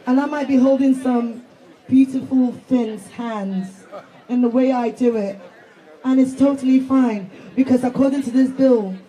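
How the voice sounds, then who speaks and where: Male protest organizer, high mellow voice, slow heartfelt speech, outdoor rally with faint crowd noise. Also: rough recording. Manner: emotional, laughing, rallying.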